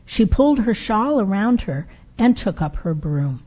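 Slow, lively storytelling woman. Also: medium pitch, slightly rough. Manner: slow, animated and dramatic. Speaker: storyteller in a sermon. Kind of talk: expressive read-aloud storytelling. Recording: dull lo-fi recording.

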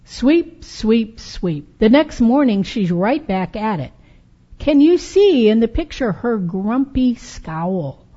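A woman tells a story aloud during a sermon, slow and dramatic. Her voice rises and falls a lot, with a mellow, husky tone. The recording is dull and lo-fi. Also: a little high, sing-song. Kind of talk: expressive read-aloud storytelling.

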